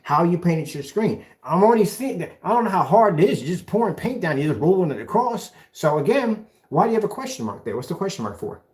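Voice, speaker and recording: A taunting man delivers a callout rant. His pitch swings up and down as he mocks, and he throws the other person's phrases back with scornful sarcasm. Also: very animated, fast talker, few pauses, a little mellow. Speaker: video blogger. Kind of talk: ranting callout video.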